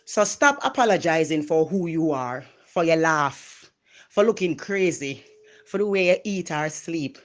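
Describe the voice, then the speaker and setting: A Jamaican woman giving a passionate motivational talk, loud and expressive, mixing patois into her English. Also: low-pitched, measured pace. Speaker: motivational speaker. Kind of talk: motivational monologue.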